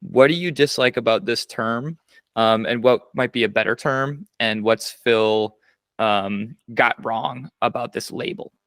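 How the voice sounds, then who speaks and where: A man hosting a podcast, asking his guest loose, conversational questions filled with casual "um"s. His voice has a gravelly fry yet a bright, forward edge. It sounds close and dry, with no echo. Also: mid-range voice, a little slow. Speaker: podcast host.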